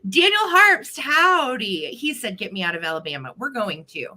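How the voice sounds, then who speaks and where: A woman's voice: a little high, big pitch swings, normal speed, bright, forceful tone. Bubbly woman hosting a live sale. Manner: bubbly, greets viewers by name. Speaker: host of a live online vintage sale. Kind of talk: casual live-stream chat.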